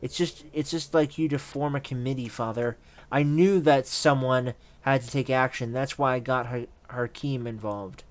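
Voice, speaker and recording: A man's voice: medium pitch, steady tone, normal speed, natural voice. Male GM plays a traumatized young daughter, shaky and accusing. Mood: angry. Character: frightened, furious young woman, traumatized daughter.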